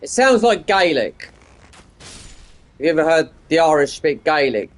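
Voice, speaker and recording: A man's voice: on the high side, big pitch swings, measured pace. A man, chatting casually and meandering while streaming a game. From United Kingdom. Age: 50s. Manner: meandering, digressive, frequent restarts. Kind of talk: casual rambling chat while gaming.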